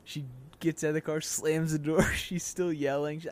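A young man co-hosting a relaxed chat, his voice sitting a little on the high side. He tells stories with energy and acts out the quotes along the way. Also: normal speed, slight background noise. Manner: animated storyteller, acts out quotes loudly. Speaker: podcast co-host. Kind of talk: casual chat.

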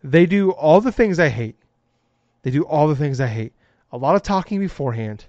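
A man's voice: fairly high pitch, animated, moderate pace, darkish tone, no room sound. A man ranting heatedly in casual chat, swearing often and sounding exasperated. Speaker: podcast co-host. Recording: dull lo-fi dry sound.

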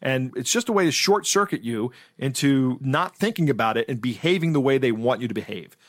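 A podcast co-host casually tells a scam story, acting out the quoted voices and laughing easily. His medium-pitched voice is expressive and a little fast. The recording is dry and studio quality.

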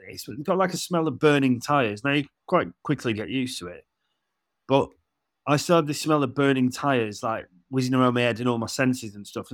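On a podcast, a chatty English co-host in his forties tells stories, laughing as he performs the dialogue. His voice is medium-pitched, recorded at studio quality with no room sound.

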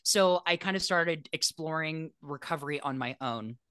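A man's voice: a little high, normal speed, clear, resonant tone, no echo, studio quality. A man, an airline pilot, telling his story in a casual interview, frank and self-deprecating and acting out the voices he quotes. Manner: animated, acts out quoted voices.

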